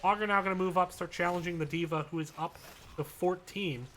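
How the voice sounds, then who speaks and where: Male esports caster calling a live match; high, bright and brisk, with chatty asides. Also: fairly even intonation, slight background noise. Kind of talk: live play-by-play commentary.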